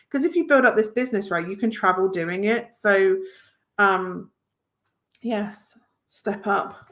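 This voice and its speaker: A woman's voice: mid-range voice, fairly bright tone. Chatty woman hosting a card-reading live stream. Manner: chatty, rambling, encouraging, reads comments aloud. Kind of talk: casual live-stream chat with viewers.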